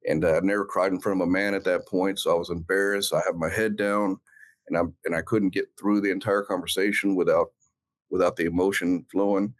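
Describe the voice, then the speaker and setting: A man, a former police officer, earnestly recounting his past in an interview, halting and reflective with many fillers. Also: sits low, flat delivery. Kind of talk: personal storytelling in an interview.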